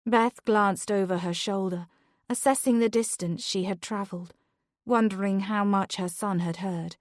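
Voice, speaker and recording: A woman narrating a psychological thriller audiobook in a measured, tense, scripted delivery. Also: medium pitch, fairly even intonation, no room sound, clean studio sound.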